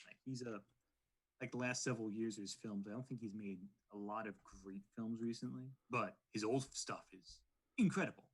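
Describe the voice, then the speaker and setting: A man's voice: on the low side, fairly even intonation, a little fast, husky. A young man appearing as a guest writer on a podcast over a video call, chatty, opinionated and self-deprecating. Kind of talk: casual podcast conversation.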